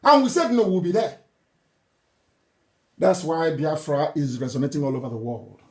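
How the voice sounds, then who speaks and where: A man's voice: on the high side, big pitch swings, moderate pace. Man, political broadcaster, scornful and scolding, echoey room. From southeastern Nigeria. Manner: scolding and mocking, with scornful laughs and sudden outbursts. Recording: roomy echo.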